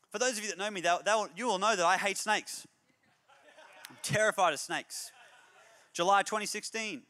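High, bright-voiced pastor. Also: male voice, in a large hall. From Australia. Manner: animated storyteller, jokey then emphatic and exhorting. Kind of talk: humorous energetic sermon.

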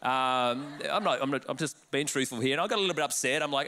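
Man, Australian accent, pastor, high voice, comic sermon storytelling. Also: rapid-fire, few pauses. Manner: animated, comic, self-mocking storyteller.

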